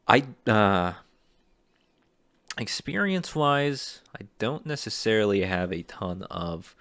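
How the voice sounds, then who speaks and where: A man who wants to be a voice actor, reading casting calls aloud and thinking out loud in an unsure, rambling way. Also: low voice, vocal fry, dry recording. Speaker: aspiring voice actor.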